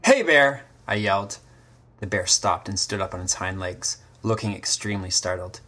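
A man reading a scripted first-person story, measured and literary, with short terse sentences. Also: sits low, level tone, bright, forceful tone, faint music behind. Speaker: story narrator. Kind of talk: scripted dramatic narration.

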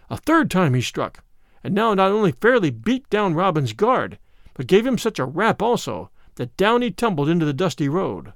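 A man narrating an audiobook in an expressive storytelling manner. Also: fairly high pitch, no echo, clean studio sound.

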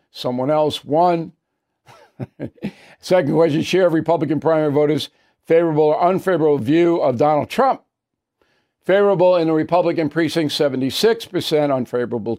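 A man's voice: on the high side, darkish tone. Emphatic opinion news host, man. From New York. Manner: emphatic, repetitive, blunt.

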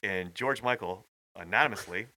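A man co-hosting a casual podcast, talking in a rapid, animated way with loose swearing. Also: fairly low pitch, no echo. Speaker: podcast co-host.

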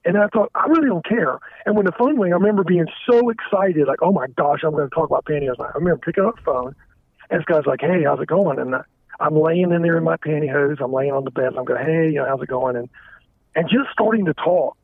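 A man calling in, talking frankly and haltingly with stumbling restarts. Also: fairly high pitch, lively intonation, gravelly, no echo. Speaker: caller. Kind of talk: candid confessional phone talk. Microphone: telephone. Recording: tinny phone line.

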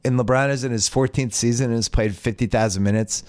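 A man's voice: mid-range voice, fairly even intonation, fast, a little mellow. A man hosting a casual sports podcast, reading out listener questions and giving wry, opinionated answers. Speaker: podcast host.

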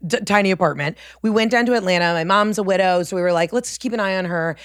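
A woman comedian in casual chat, telling stories in a lively way and acting out other people's voices. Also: mid-range voice, fast talker, no echo, clean studio sound. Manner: animated storyteller who acts out voices, laughing often. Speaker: comedian guest.

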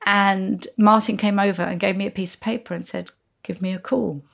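Appearing as a podcast guest, a woman in her sixties tells lively anecdotes, slipping into the voices of the people involved. Her mid-pitched voice has a touch of vocal fry, and she talks at a normal speed.

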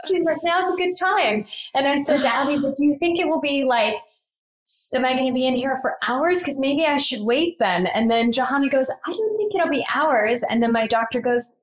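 A woman in her thirties telling her birth story in casual conversation, full of fillers and lively quoted lines. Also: a little fast, slight background noise, rough recording. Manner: animated, acts out quoted lines with higher pitch, frequent fillers.

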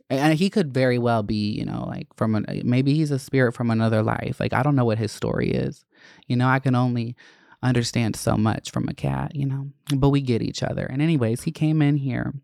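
A woman's voice: very deep voice, creaky, darkish tone, dry recording, clean studio sound. A woman hosting a podcast in casual chat, rambling and swearing, with lots of "like" and "you know". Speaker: podcast host.

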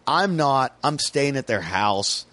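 Man from the US, comedian guest, casual podcast storytelling, animated, mid-pitched voice. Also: slow pace, dry recording. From United States.

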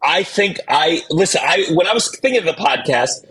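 A man who is a stand-up comedian, chatting as a guest in an interview, quick and self-deprecating with many restarts. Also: on the high side, animated, a bit bright, husky, low-quality recording. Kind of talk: casual interview chat.

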